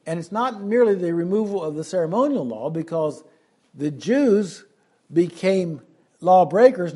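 A man preaching an expository Bible lesson, slowing down to stress key phrases. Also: high voice, darkish tone, husky.

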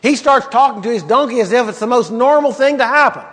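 High-voiced man preaching in a hall. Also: lively intonation, quick pace, fairly bright tone. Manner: conversational, emphatic, rhetorical questions. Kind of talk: sermon, Bible teaching.

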